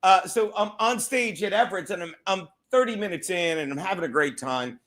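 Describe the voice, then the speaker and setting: A male comedian hosting a podcast, telling a rambling story in casual chat and swearing freely as he goes. His voice sits high for a man. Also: animated, a little fast, a bit bright.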